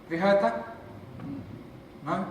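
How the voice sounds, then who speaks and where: A man, a church leader and cafe founder, giving a lively conference talk with jokes for the audience. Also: sits high, slow, a little hiss or hum. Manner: enthusiastic, joking, chatty with the audience. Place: large conference hall. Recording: echoey hall from far off.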